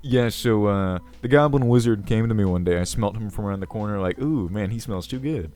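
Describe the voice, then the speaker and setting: A man's voice: on the low side, fairly quick, darkish tone, natural voice. A man playing a pompous goblin king. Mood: rambling. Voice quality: crackly voice. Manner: pompous, rambling, self-assured. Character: self-important ancient male goblin king. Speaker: video host. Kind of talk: character comedy Q&A.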